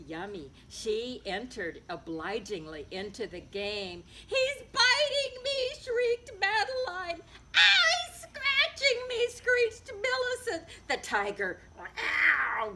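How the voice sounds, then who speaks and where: Woman author, children's book read-aloud, playful, high voice. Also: slight background noise. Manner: lively, playful storytelling with sound effects.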